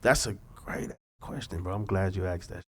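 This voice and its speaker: A man's voice: deep voice, moderate pace, a crowd in the background. A young man from Los Angeles, a singer and songwriter, chatting as a guest in a laid-back, reflective way with loose slang. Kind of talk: casual podcast conversation.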